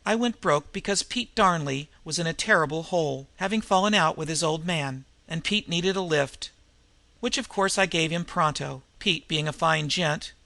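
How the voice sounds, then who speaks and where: A man voicing a kind young woman who reads a letter aloud gently. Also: fairly high pitch, normal speed, creaky, dry recording. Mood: reading.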